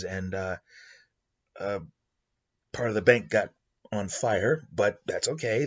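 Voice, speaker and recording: A man's voice: deep voice, husky, muffled recording. A man hosting a show, improvising a story in a rambling way with many fillers. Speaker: host.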